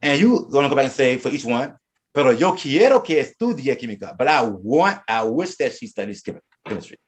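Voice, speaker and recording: A man's voice: mid-range voice, sing-song, a little fast. A man teaching a Spanish class, explaining verb forms and often repeating and restarting his words. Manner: reads out verb conjugations one by one. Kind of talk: classroom lesson.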